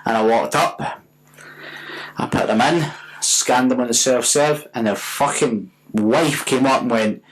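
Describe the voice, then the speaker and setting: A Scottish man in his twenties, co-hosting a podcast, telling a story in an animated, sweary way. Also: mid-range voice, measured pace, poor audio. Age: 20s. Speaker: podcast co-host. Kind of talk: casual storytelling chat.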